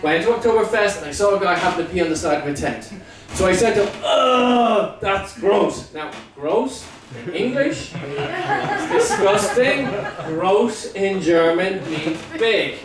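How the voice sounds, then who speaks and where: Dublin comedian teasing a club crowd. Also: male voice, sits high, lively intonation. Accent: Dublin Irish. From Ireland. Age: 40s. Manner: teasing, chatty, quick to laugh at the crowd. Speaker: stand-up comedian. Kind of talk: stand-up comedy with crowd work. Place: comedy club with a live audience. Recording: echoey room, far from the mic, crowd noise.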